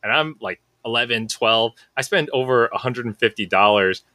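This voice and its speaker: This man in his thirties tells a story in a casual chat, with a bright and forceful voice. He livens it up by acting out the friends he quotes. The sound is close and dry, with no room around it. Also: medium pitch, normal speed, no room sound. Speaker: podcast co-host.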